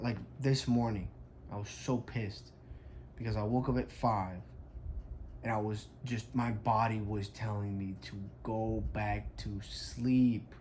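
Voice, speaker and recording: A man's voice: fairly low pitch, a little mellow, slight background noise. A young adult man, a fitness coach, tells a story in a casual vlog, emphatic and frank, with lots of "like".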